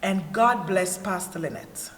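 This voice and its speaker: A woman's voice: mid-range voice, measured pace. A woman with a Jamaican accent giving a candid, earnest personal testimony as a panelist. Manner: earnest storyteller, candid and animated. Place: church hall. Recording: echoey hall with faint ambience.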